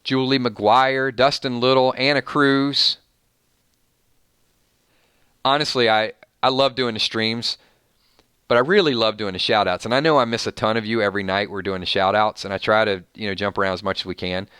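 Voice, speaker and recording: A Southern man from Georgia chats loosely on a live stream, reading out viewer names and wandering off into asides with plenty of restarts. His voice is low and smooth. The sound is dry and close. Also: steady tone, normal speed, pushed and bright, no echo. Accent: Southern American. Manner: chatty, reads viewer names, rambling restarts. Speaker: streamer host. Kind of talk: casual live-stream chat.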